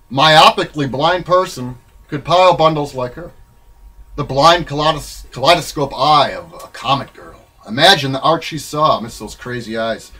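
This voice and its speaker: A man reading his own memoir in a rambling, wry, irreverent way, swinging between loud bursts and low mutters. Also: poor audio. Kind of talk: spoken-word memoir reading.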